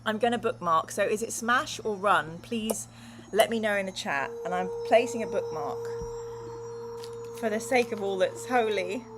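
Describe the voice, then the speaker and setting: A lively woman streamer reads an adventure gamebook aloud and turns to banter with her chat. Her delivery is playful and theatrical, her pitch sits in an ordinary middle range, and clear music plays behind her. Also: normal speed. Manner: animated, playful and dramatic, chatting with viewers. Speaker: streamer and host.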